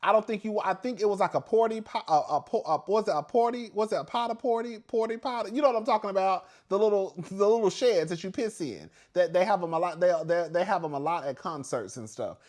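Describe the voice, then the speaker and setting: A man with a slightly high voice talks through a reality TV episode in a loose, gossipy way. He is animated and sassy, swears freely and laughs between points. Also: fast talker, hardly any pauses. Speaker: reality TV commentator. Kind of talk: casual reality TV recap.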